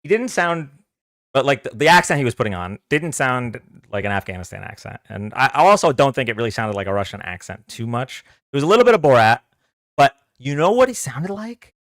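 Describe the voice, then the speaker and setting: A man's voice: medium pitch, lively intonation, brisk, fairly bright tone, dry recording, studio quality. A man hosting a live political debate stream, talking casually and hesitantly with many fillers and restarts.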